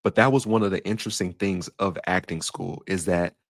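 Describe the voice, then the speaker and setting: A young man from Denver with an African American English accent and Southern touches, slightly nasal and raspy, telling stories in a casual monologue as a podcast host. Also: low voice, fairly even intonation, a little fast, dry recording, clean studio sound. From Denver, Colorado. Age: young adult. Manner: storytelling, shifts voice up and down.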